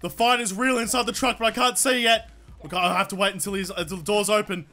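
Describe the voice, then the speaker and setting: Young man, gaming commentary, yelling, swearing, sharp tone, high pitch. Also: fast talker. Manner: loud, excitable, swears and yells often. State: sore throat from yelling. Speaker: gaming YouTuber. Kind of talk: let's play commentary. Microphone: desk microphone.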